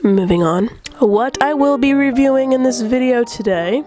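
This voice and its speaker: A woman with a fairly high voice talks through a chatty video review, playful and theatrical, gushing over her subject. A slight vocal fry and roughness hang on her voice while she recovers from being sick. Faint guitar music plays softly behind her. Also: normal speed, few pauses. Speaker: video essayist.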